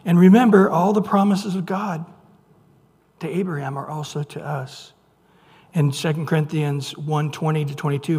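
A male pastor preaching a sermon in a conversational, joking way, reading scripture slowly and with emphasis. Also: on the high side, steady tone, darkish tone, slightly rough. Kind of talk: sermon with humorous asides. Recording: long reverb in a large hall.

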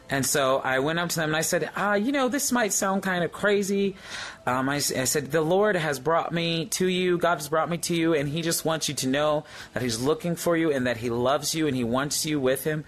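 A man, excitedly sharing a spiritual testimony in a casual, halting way full of fillers and restarts. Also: fairly high pitch.

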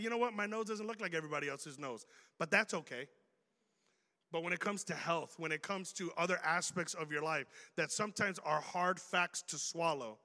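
A man preaching a sermon to a room, animated and joking as he makes his points. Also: sits high. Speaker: pastor. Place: church auditorium. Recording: reverberant hall. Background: long hall reverb.

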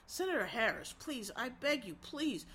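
A woman's voice: fairly high pitch, very animated, moderate pace, pushed and bright, husky, heavily acted. Woman mocking a droning pompous politician. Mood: mock-solemn. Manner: mock-solemn, pleading. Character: calm, pompous male politician, droning monotone.

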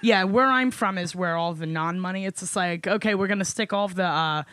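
A woman's voice: fairly low pitch, a little fast, dry recording. Brash New York woman, comedian guest, swears freely, tells stories with energy, recorded dry. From New York City. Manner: blunt, profane, animated storytelling. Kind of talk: casual podcast chat.

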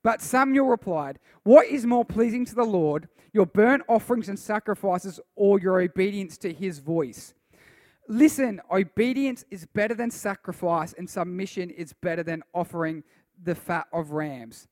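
A man preaching a lively sermon to a youth group, acting out voices and reading scripture aloud. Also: sits high, moderate pace, no room sound, studio quality. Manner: animated, acts out voices and reads scripture aloud.

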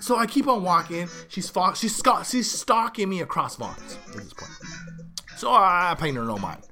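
A man's voice: high-pitched, lively intonation, normal speed, pushed and bright, soft background music. A man hosting a show, telling a story in a loose, rambling way with restarts and side remarks. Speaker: show host. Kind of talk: casual storytelling monologue.

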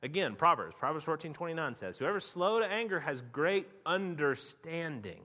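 A man preaching a sermon, telling a lively story with animated, rising outbursts before quieting down to make his point. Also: on the high side, normal speed, in a large hall. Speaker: pastor.

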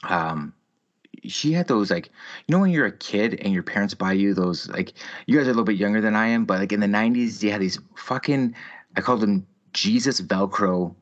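Here a podcast host in his thirties, with a lowish voice, is animated and a touch fast as he tells a story in casual chat. Heavy profanity and exaggerated rants run through it, and the lo-fi recording sounds slightly muffled.

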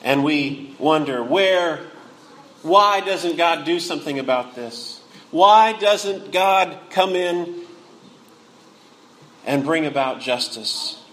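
Slow-preaching man with a higher voice. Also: expressive, fairly bright tone, poor audio. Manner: earnest preaching, rising to cries then dropping low. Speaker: pastor. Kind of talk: sermon.

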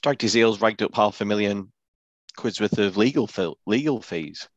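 A man makes wry, dry-humoured remarks in a casual chat over a video call. His voice is on the low side, and the sound is dry and close. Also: moderate pace, no room sound, highs cut off. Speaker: podcast co-host.

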